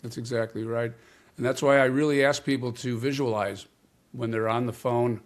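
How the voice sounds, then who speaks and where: A man as an interview guest, explaining communication ideas in a measured way and stressing key words. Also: medium pitch, fairly even intonation. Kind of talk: interview conversation.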